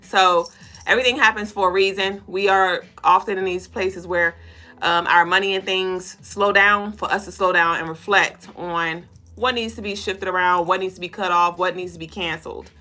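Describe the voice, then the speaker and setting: A woman hosting a casual spiritual reading livestream, talking straight to viewers in a loose, profane, animated way. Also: lowish voice, moderate pace. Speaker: spiritual reader and co-host.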